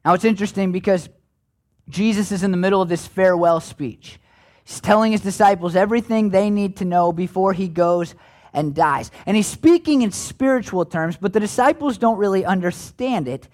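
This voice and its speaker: A man's voice: sits high, normal speed, darkish tone. A man preaching a sermon in a conversational, folksy way with playful asides. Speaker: pastor.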